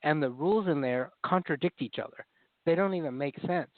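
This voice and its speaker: A man's voice: fairly high pitch, fairly quick, no room sound, narrow, tinny audio. A man speaking as a therapist guest in an interview, explaining ideas in an earnest way and acting out inner critical voices.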